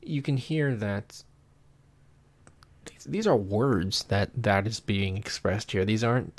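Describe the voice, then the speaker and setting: A man's voice: fairly low pitch, a little slow. A man giving a casual music analysis lesson, talking with enthusiasm and sometimes humming melodies while a piano plays. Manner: enthusiastic, talks over piano playing, scats melodies aloud. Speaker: music lecturer. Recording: faint piano music behind.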